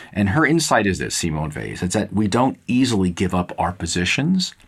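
A man preaching a Bible teaching in an earnest, measured way, repeating words and pausing with filler uhs. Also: deep voice, fairly bright tone, slightly rough. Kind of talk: sermon-style Bible teaching.

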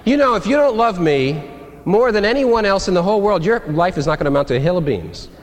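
Male pastor, sermon delivery, expressive pitch, echoing sanctuary. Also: fast. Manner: animated, conversational preaching with acted-out quotes. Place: church sanctuary. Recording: long reverb of a large hall.

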